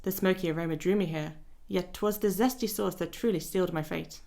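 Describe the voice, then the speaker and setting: A woman's voice: fairly low pitch, a little fast, vocal fry, warm tone. A woman voicing a whimsical, old-fashioned young male writer in a put-on British accent, flowery and dreamy. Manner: flowery, dreamy, self-deprecating.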